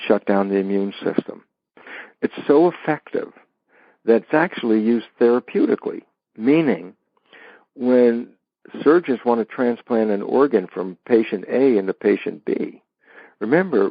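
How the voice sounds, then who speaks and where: Gravelly man explaining through vivid stories. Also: lowish voice, no room sound, highs cut off. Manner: storytelling with acted-out dialogues. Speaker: interview guest. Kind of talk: animated explanatory interview talk.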